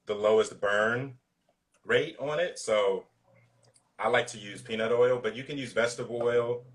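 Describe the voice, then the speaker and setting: A man talking casually as a guest cook in a video-call interview, relaxed and loose, with lots of fillers. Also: medium pitch, normal speed, recorded from a distance.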